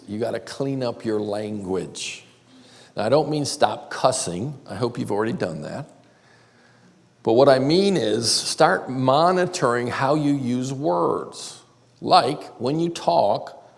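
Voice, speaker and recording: A man with a gravelly, lively voice teaches a live seminar, swinging his pitch up and down as he talks. He keeps it conversational and fires questions at the audience. The sound rings with the long reverb of a large hall. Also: unhurried. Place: church auditorium before an audience.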